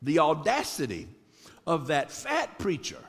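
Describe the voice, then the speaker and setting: A man preaching a sermon dramatically, swinging between shouted lines and low, drawn-out words. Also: huge pitch swings, big-room sound.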